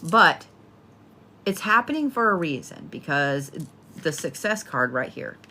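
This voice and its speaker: A woman's voice: sits low, sing-song, a little slow, sharp tone, slight background noise. A woman giving a casual spoken horoscope reading, talking bluntly and playfully with plenty of swearing. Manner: blunt, profane, chatty, playful. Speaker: tarot and astrology reader.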